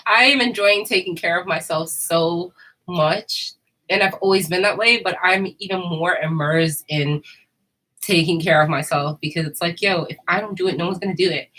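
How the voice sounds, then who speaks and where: A woman chats straight to her viewers, slangy and candid. Her voice sits a little low for a woman, and she laughs often as she talks. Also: fairly bright tone, poor audio. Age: 30s. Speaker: vlogger. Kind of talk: casual monologue to camera.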